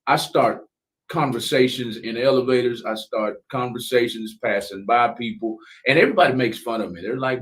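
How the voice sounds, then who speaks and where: A man's voice: medium pitch, normal speed. Radio host guy chatting, easygoing and encouraging, medium voice. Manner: affirming, chatty, talks to the audience. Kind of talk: casual radio interview.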